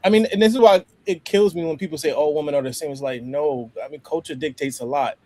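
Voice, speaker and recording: An American man in casual podcast chat, animated, laughing often and restarting his sentences. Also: on the high side, fast. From United States.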